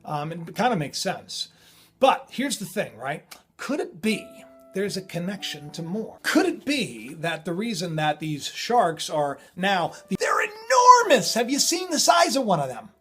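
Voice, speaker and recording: A man hosting his own channel, talking in a rambling, excitable way full of digressions and self-interruptions. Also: high voice, measured pace, slightly rough, soft background music. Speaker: channel host. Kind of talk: rambling spiritual commentary.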